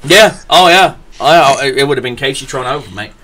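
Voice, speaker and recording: A young man, a podcast host telling stories in casual chat, profane and animated, acting out the people he quotes. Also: mid-range voice, a little fast.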